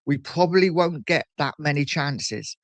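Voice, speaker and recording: A man's voice: a little high, expressive, a little slow, no echo. A man hosting a casual fan live stream, reading out viewer comments and reacting in a chatty way, often repeating himself. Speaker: fan channel host reading live chat.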